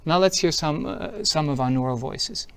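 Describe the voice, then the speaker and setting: Speaking at a moderate pace in a high-ish, fairly bright and clean voice, a man runs an upbeat product demo at a tech conference. He explains each step as he shows it.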